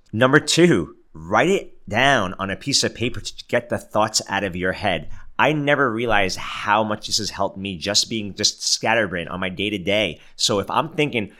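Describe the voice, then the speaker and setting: Deep-voiced guy in his 30s, chatty motivational podcast talk, bright edge, lots of "like". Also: moderate pace, hardly any pauses. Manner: chatty, many "like" fillers, self-mocking. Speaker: podcast host. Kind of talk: casual motivational monologue.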